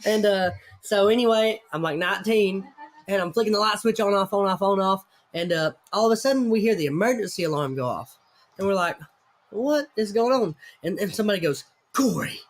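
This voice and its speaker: High-voiced man telling a rowdy story. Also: quick pace. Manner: rambling, profane, self-mocking storytelling. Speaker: host. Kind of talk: casual storytelling chat.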